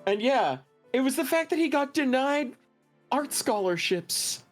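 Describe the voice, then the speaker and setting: This is a streamer holding forth in casual chat during a game stream, profane and animated. The voice swings widely in pitch. Faint music runs in the background. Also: measured pace. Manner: animated, profane ranting with frequent laughter. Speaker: streamer and co-host.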